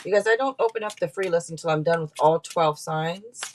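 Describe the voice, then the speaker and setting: A woman's voice: lowish voice, fairly quick, slight background noise. Chatty woman reading tarot on a live stream. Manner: chatty, laughs often, talks straight to viewers. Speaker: tarot reader.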